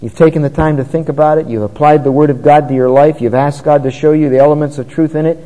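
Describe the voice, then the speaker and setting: A man's voice: a little high, steady tone, quick pace, dark tone, long reverb tail, poor audio. A man preaching a sermon in an earnest, conversational way, often rising in emphasis.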